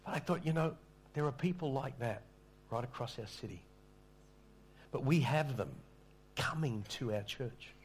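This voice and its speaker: A man's voice: mid-range voice, normal speed, slight background noise. A middle-aged man preaching a sermon, telling a story in a conversational, self-deprecating way with small stammers. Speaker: pastor.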